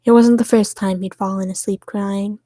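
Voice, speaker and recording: A woman's voice: medium pitch, steady tone, moderate pace, mellow, no room sound. Woman reading a story aloud, dry sound. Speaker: reader of fan fiction on a stream. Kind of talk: reading fan fiction aloud.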